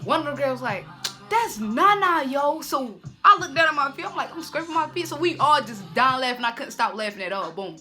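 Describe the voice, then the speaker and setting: A young woman telling a casual storytime, animated and slangy, punctuating with "boom". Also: brisk, hardly any pauses, faint music behind. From Baltimore.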